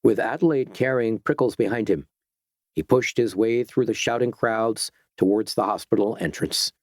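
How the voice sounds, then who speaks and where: Low-voiced male audiobook narrator. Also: normal speed, a little mellow, no room sound.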